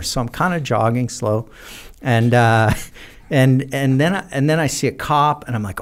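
An American man telling rambling, animated stories as a podcast guest, with many fillers. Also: mid-range voice, measured pace. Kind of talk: casual storytelling in a podcast interview.

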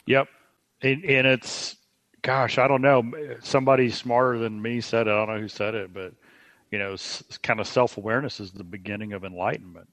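A man speaking as a podcast guest, explaining coaching ideas in a measured way. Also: on the low side, steady tone, fairly bright tone, no room sound. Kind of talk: podcast conversation.

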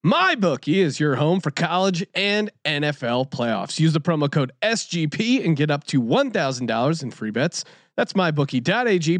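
A man's voice: a little high, no room sound. A man co-hosting a sports betting podcast, talking in a brash, hyped, joking way and reading ads. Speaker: podcast co-host.

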